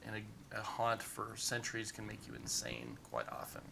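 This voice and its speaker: A man's voice: lowish voice, big pitch swings, normal speed, vocal fry, noisy background. A man running a tabletop game as game master, narrating in a rambling way full of "you know" fillers.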